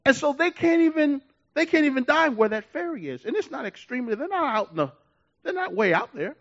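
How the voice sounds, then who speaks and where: A male pastor preaching a sermon in an animated way, laughing, repeating himself and telling stories. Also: very high-pitched, fairly quick, lo-fi sound.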